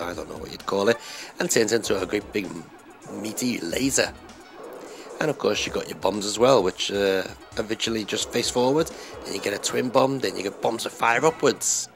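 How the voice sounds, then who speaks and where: A man giving a relaxed, rambling voice-over commentary on a retro game, with lots of filler words. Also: lowish voice, vocal fry. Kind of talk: casual gameplay commentary voice-over. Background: game music.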